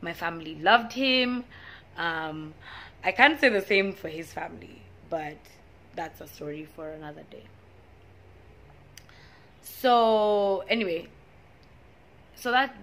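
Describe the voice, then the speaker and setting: A woman's voice: lowish voice, lively intonation, a little slow, pauses often, a bit bright. A young woman vlogger telling a personal story in a casual, emotional way, with many restarts and sudden bursts of feeling. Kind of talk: storytime vlog.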